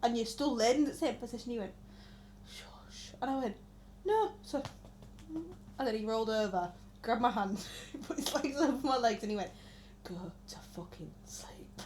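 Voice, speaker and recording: A woman's voice: on the high side, a little fast, darkish tone, slight background noise. A woman, chatting casually and telling stories with acted-out quotes and lots of swearing. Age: 20s. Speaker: podcast co-host. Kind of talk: casual chat.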